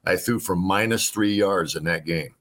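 A man's voice: sits low, fairly bright tone. A man in his sixties from Illinois, a former quarterback telling folksy stories as a guest in an interview, with frequent restarts. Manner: folksy, unhurried storyteller with repeated restarts. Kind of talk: storytelling interview.

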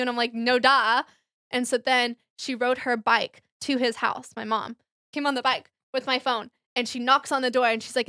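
A young woman, co-hosting a podcast, recounts candid stories in a relaxed chat, acting out what others said and leaning on many fillers. She talks fast, her voice sitting high with fairly even intonation and a pushed, bright quality. It's studio quality with no echo.

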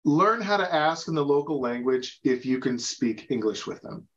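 The audio is dull with a little hiss or hum as an American man hosts a travel-tips podcast. His high-leaning voice has lively intonation and a moderate pace, and he chats, laughs often, and stumbles over repeated words and restarts.

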